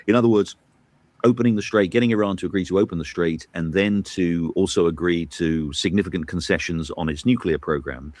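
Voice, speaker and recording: A man's voice: low-pitched, brisk, darkish tone, no room sound. A man giving political commentary on a talk show, hesitant and full of fillers and restarts, turning emphatic as he argues. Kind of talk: analytical commentary chat.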